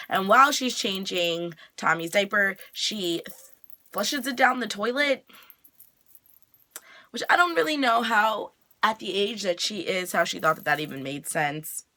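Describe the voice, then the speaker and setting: A woman's voice: mid-range voice, bright, forceful tone. A woman hosting her own review vlog, recapping a TV episode in a chatty way with lots of "like" and "you know". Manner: chatty, filler-heavy retelling with frequent "like". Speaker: TV review vlogger.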